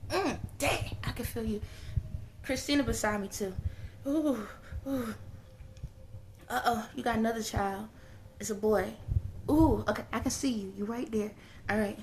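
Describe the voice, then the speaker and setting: A woman's voice: fairly high pitch, normal speed, long pauses, darkish tone, a little hiss or hum. A woman channeling spirit messages to viewers in an emotional, exclamatory way, often repeating phrases and dropping to whispers. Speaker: spiritual medium.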